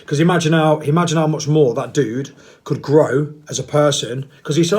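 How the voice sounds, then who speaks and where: A man's voice: on the high side, normal speed, darkish tone. A middle-aged man talking casually to camera, blunt and rambling and sometimes mocking himself. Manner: rambling, blunt and self-mocking, with playful put-on voices. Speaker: vlogger.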